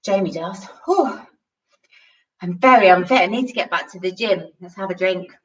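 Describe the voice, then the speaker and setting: A woman's voice: lowish voice, fast, reverberant, far from the mic, lo-fi sound. Breathless woman coaching kids. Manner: cheerful, encouraging, talks to young children, out of breath while exercising. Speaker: kids' gymnastics coach. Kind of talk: home workout class for children.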